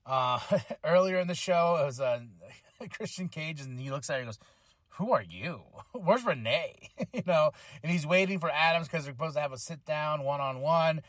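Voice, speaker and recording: A man talks through a casual podcast recap, rambling and excitable, with lots of fillers and restarts. His voice sits a little high for a man. The sound is dry and close, with no room around it. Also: normal speed, no room sound. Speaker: podcast host reviewing wrestling. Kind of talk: casual review chat.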